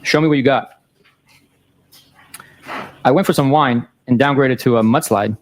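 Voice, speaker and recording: At a normal speed and medium pitch, a man reads text messages aloud into a courtroom microphone, timestamps and all. His manner is flat and matter-of-fact, and there's slight background noise.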